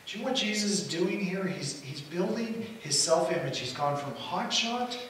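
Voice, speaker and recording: A man preaching a sermon as pastor, telling the story in an animated way and acting out the quotes. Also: sits high, moderate pace. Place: church hall. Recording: echoey hall from far off, faint hiss.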